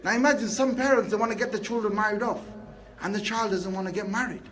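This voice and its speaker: Male preacher, high voice, chatty sermon full of rhetorical questions, faint room hum. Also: fast talker. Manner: lively and conversational, asking the crowd rhetorical questions. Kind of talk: Friday sermon.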